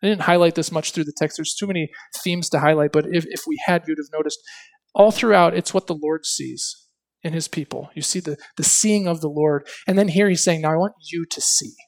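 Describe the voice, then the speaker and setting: A man's voice: a little high, fairly quick, vocal fry. A male preacher giving an expository sermon, asking rhetorical questions and reading scripture with dramatic emphasis.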